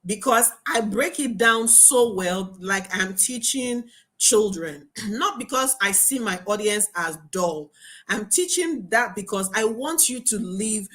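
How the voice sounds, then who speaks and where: A young adult woman teaching a marketing webinar as a coach, talking in an animated, emphatic way. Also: medium pitch, takes it slowly. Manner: animated, emphatic, laughs and acts out students' voices.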